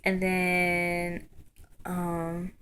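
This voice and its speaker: A young woman telling a story in a casual vlog, chatty and excited, full of ums and likes. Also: fairly low pitch, extremely slow, a loud crowd. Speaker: vlogger.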